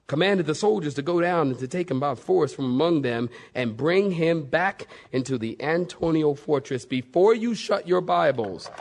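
A male pastor preaching a sermon in a lively, playful way, acting out bits of the story. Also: on the high side. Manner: animated, playful, acts out voices.

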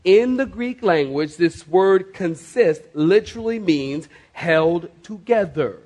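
A male pastor, preaching a sermon to his congregation with emphatic, slowly stressed words. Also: sits high, lively intonation, darkish tone. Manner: emphatic, dramatic slow stresses, addresses the congregation. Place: church before a congregation.

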